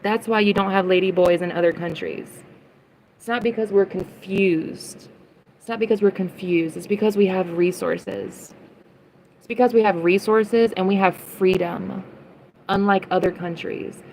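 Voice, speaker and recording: A young woman rants on a livestream, answering chat comments. She is heated and profane and hammers her points by repeating them. Her pitch sits in a middling range for a woman. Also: fairly even intonation, normal speed, a little mellow, a little hiss or hum, poor audio. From United States.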